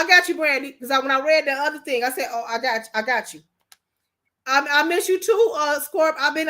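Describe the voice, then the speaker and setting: A woman from Michigan, USA, hosts a casual livestream, speaking emphatically to viewers and repeating herself. Her voice is high-pitched with a fairly bright tone, and her manner is emotional and preachy.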